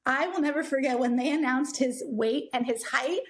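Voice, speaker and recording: A young woman co-hosting a podcast, telling a personal story in a casual, animated way and acting out what people said. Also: sits high, moderate pace. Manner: animated, acts out quoted people, many "like" fillers. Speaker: podcast co-host.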